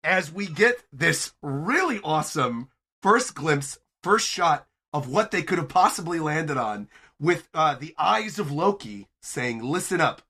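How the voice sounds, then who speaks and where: A man's voice: on the high side, unhurried, husky. A man hosting a podcast, giving an enthusiastic chapter recap and acting out the characters' lines as he goes. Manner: animated, acts out character lines as he narrates. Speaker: podcast host.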